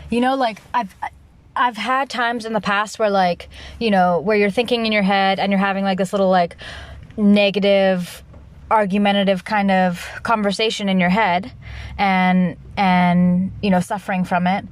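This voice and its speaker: A young woman talks alone into the mic for her podcast, loud and animated, her voice sitting at an ordinary middle pitch. She rambles and restarts her sentences, often laughing at her own thoughts. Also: moderate pace. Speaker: podcast host. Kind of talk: casual solo monologue.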